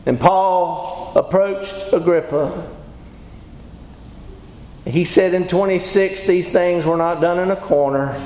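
Speaking slowly with frequent pauses, this man has a high voice and a somewhat dark tone. Folksy and emphatic, he delivers a sermon to his congregation in a church hall, regularly asking them questions in call-and-response fashion. The audio is lo-fi and dull, with the hall's echo audible.

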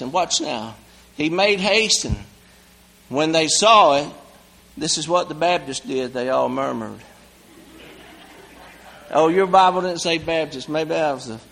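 A man preaching a sermon in a folksy, animated way, swinging from loud exclamations to hushed asides. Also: on the high side, creaky, low-quality recording.

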